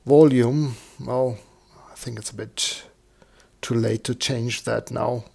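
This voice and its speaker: A man with a croaky, slightly hoarse voice, walking through a software demo live and thinking aloud with lots of fillers. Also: mid-range voice, steady tone, slow. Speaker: software tutorial presenter. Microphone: desktop microphone.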